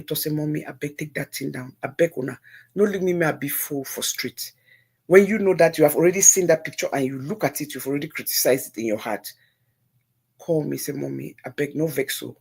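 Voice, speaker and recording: A middle-aged woman with a Nigerian accent hosts a live call-in stream with an earnest, pleading manner. Her voice is husky and a little rough, and she repeats her points and drops into pidgin. She talks to her listeners directly. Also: deep voice, a little mellow. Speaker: livestream host.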